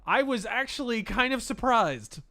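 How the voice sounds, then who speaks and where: A man's voice: very high voice, lively intonation, moderate pace, pushed and bright, a little hiss or hum. A man hosting a live stream while playing a video game, talking in a profane, offhand way and muttering to himself. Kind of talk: live-stream gameplay commentary.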